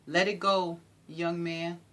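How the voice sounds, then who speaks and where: A woman giving an inspirational talk in an animated, preacherly way, repeating phrases for emphasis. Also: on the low side, slow. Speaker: motivational speaker.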